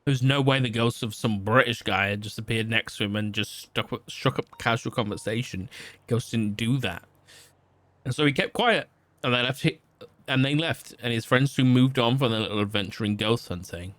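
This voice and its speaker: A man's voice: mid-range voice, normal speed, a bit bright, dry recording. A man streaming, reading a fan story aloud, stumbling and restarting often, with side remarks to chat.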